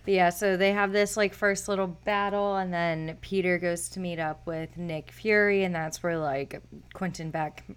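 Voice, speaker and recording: A woman's voice: fairly low pitch, steady tone, normal speed, smooth. A young woman casually recapping a movie, talking with lots of fillers and frequent laughs. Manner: chatty, filler-heavy, laughs often.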